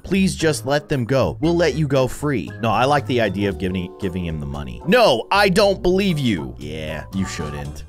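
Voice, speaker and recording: A man doing playful, jokey game commentary as a YouTuber, full of quick asides. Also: medium pitch. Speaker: gaming YouTuber.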